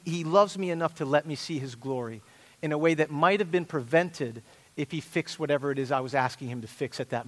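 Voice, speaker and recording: In a church sanctuary thick with long hall reverb, a middle-aged male pastor delivers a sermon full of repeated phrases, earnest and emphatic. His voice runs on the high side with a slightly bright edge.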